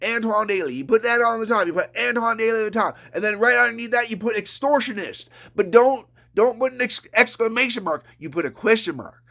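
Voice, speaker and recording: A man rants on a live stream, cursing and mocking as he goes, and now and then refers to himself in the third person. His voice sits high and sounds bright and sharp. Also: a little fast, vocal fry. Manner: ranting, profane and mocking. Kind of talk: angry live-stream rant.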